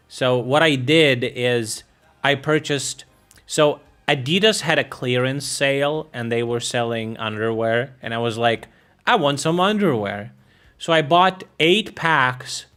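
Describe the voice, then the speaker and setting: A man's voice: mid-range voice, a bit bright. A man from Ukraine streaming live, chatting casually with viewers, cracking jokes, swearing and laughing at himself. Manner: joking, swearing, laughing at his own jokes. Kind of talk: casual live-stream chat reacting to clips.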